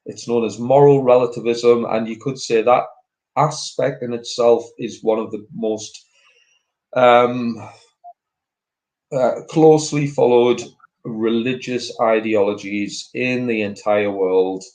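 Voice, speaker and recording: A man speaking as a guest in a casual talk, earnest and halting, with many fillers and restarts. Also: medium pitch, steady tone, darkish tone, rough recording. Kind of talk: casual political chat.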